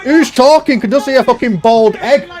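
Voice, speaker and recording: Chatty young man, high voice. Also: moderate pace, darkish tone. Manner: chatty, loose and joking, reads out viewer comments. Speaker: live streamer. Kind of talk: casual live-stream chat.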